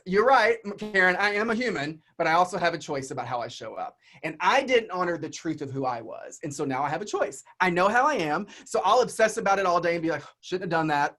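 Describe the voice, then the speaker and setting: Animated Southern man giving a keynote. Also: high voice. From Southern United States. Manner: animated, chatty, addresses audience as y'all. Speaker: keynote speaker. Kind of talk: storytelling keynote talk.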